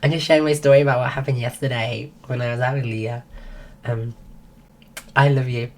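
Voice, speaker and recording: A woman hosting a livestream, telling a story casually and breaking off to greet viewers, acting out quotes in a higher voice. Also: steady tone, a little fast, a little mellow. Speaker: livestream host.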